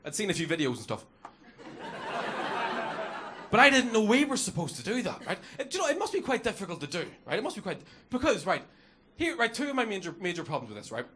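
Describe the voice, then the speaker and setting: A man's voice: sits high, wildly swooping pitch, a bit bright. A young man doing rowdy, profane stand-up in front of a live club audience, jumping into little character voices. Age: young adult. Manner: rowdy, profane, acts out characters in quick bursts. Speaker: stand-up comedian. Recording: live club recording with crowd noise. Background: audience laughing and cheering.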